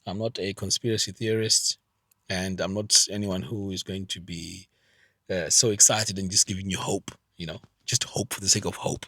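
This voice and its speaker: A man's voice: deep voice, steady tone, normal speed, sharp tone, dry recording. A middle-aged man from Zimbabwe giving an earnest, emphatic vlog monologue, often repeating his points. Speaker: vlogger. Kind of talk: earnest direct-to-camera monologue.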